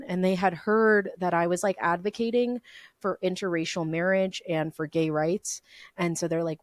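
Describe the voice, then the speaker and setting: A woman's voice: lowish voice, steady tone, normal speed, no room sound, clean studio sound. A young woman hosting a podcast, casually telling her dream stories and filling them with "like" and "um". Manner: chatty, lots of "like" and "um", laughs often. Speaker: podcast host. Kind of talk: casual solo storytelling.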